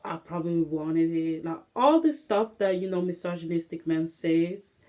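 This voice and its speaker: A woman's voice: lowish voice, normal speed, warm tone. A young woman hosting her own casual solo podcast, rambling and restless with many fillers, recorded on a phone. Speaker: podcast host. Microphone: phone camera.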